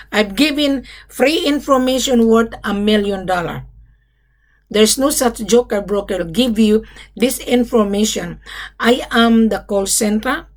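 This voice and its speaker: A woman who works as a business facilitator, speaking straight to buyers and sellers in blunt, emphatic phrases, scolding them and repeating her points. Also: mid-range voice. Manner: talks in short, blunt phrases. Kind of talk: direct-to-camera business pitch.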